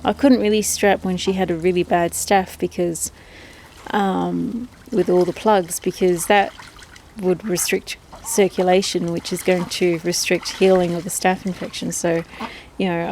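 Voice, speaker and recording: A woman's voice: fairly low pitch, flat delivery, a little slow, a little mellow, a little hiss or hum. A woman keeping ducks, talking to the camera outdoors in a rambling, chatty way and cooing at her birds in baby talk. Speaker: duck keeper. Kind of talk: casual vlog chat.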